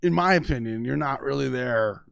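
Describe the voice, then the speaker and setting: A man's voice: mid-range voice, normal speed, vocal fry, a bit bright, smooth, dry recording, studio quality. A man from Minneapolis telling long, profane stories in casual chat as a podcast guest, full of "you know" and "like". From Minneapolis, USA.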